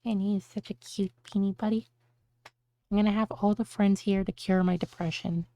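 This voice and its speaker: A woman's voice: medium pitch, fairly even intonation, normal speed, mellow, no room sound. A woman streamer chatting casually on a live stream, bubbly, with cutesy baby-talk words.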